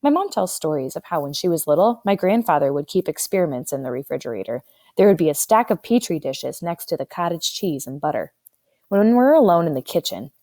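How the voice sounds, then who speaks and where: A woman narrating a first-person audiobook in a wry, expressive way. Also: low voice, no echo, clean studio sound.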